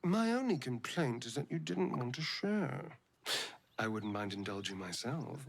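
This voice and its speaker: A teasing, gravelly game companion. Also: mid-range voice, expressive, a little slow, a little hiss or hum. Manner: teasing, knowing. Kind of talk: game character dialogue.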